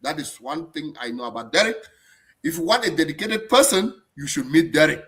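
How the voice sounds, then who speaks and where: A man hosts a live stream in an animated, chatty way. His voice sits a little high and swings widely in pitch, with a bright, forceful edge. He often repeats words and restarts his sentences. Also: a little fast. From abroad, not German-born. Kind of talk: casual live-stream chat.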